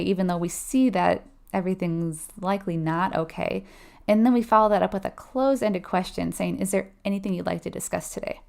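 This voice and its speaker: A woman's voice: medium pitch, vocal fry, darkish tone. A woman leading a live nursing exam review, talking casually, explaining step by step and asking her viewers questions. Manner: conversational, explains step by step, asks the audience questions; laughs lightly while acting out client replies.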